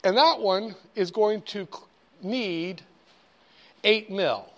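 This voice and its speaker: A man's voice: sits high, slow pace, fairly bright tone. A man with a slightly raised voice gives a lecture. He talks loosely and conversationally, drifting into stories before he comes back to the lesson. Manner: conversational, digressive storytelling. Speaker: instructor. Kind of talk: storytelling lecture.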